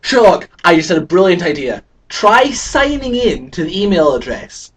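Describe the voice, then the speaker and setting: A performer voicing an excitable, hapless male sidekick in a fan parody. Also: medium pitch, normal speed, slightly rough, far from the mic. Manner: excitable, lively. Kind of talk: fan parody audio drama.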